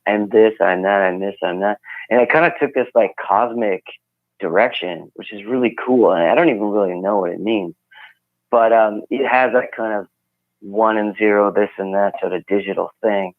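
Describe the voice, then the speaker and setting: A man calling in as a guest musician, telling rambling, relaxed stories about his songs over the phone. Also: lowish voice, moderate pace, dry recording. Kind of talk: casual phone interview. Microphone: phone call. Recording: tinny phone line.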